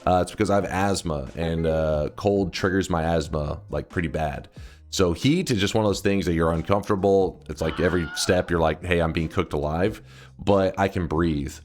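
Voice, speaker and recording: A low-voiced man in his thirties, talking live to his stream in a loose, rambling way. He swears freely and now and then bursts out loudly at his chat. Faint music plays behind him. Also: normal speed. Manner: rambling and profane, with sudden loud outbursts. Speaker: livestreamer.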